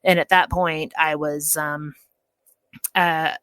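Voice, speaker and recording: A woman with a slightly low voice tells her birth story in relaxed, chatty podcast talk. She laughs easily as she goes and slips into the voices of the people in the story. The sound is dry, with no room around it. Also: takes it slowly, smooth, no echo. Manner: lively storyteller, laughs often, acts out quoted people. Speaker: podcast guest. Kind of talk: casual chat, telling a birth story.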